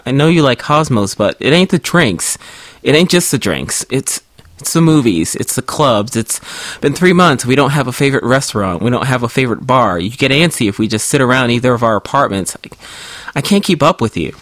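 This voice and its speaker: A man's voice: mid-range voice, animated, fairly quick, a bit bright, no room sound, natural voice. A man voicing a frustrated adult male rabbit who is breaking up with his partner, speaking bluntly and with exasperation.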